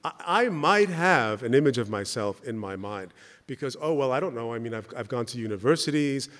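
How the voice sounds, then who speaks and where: A man's voice: medium pitch, expressive, a little fast, a bit bright. Conversational male speaker in a reverberant hall. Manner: conversational, keeps checking with the audience by asking "right?". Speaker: speaker at a church gathering. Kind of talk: spoken talk with anecdotes.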